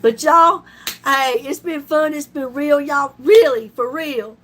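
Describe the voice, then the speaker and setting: A woman's voice: high-pitched, slow pace, a little hiss or hum. A middle-aged woman, chatting on a live stream with folksy slang and frequent laughter. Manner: laughs often, folksy and loud, down-home slang. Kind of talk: casual live-stream chat.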